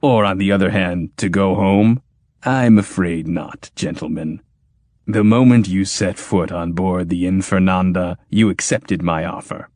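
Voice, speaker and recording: A man voicing a grim, exacting male tyrant king in an audiobook, booming and menacing. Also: measured pace, darkish tone, dry recording, studio quality. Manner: booming, menacing, laughs like thunder.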